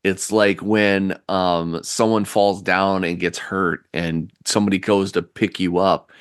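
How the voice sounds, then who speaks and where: A man narrating a tabletop role-playing scene as game master, describing it slowly with restarts. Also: sits low, fairly even intonation, smooth, no room sound, clean studio sound.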